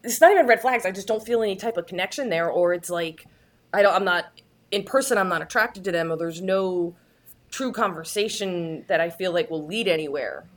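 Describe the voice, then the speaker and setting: A woman's voice: lowish voice, a little fast. A woman talking candidly and earnestly as a guest in a casual chat, often restarting her sentences.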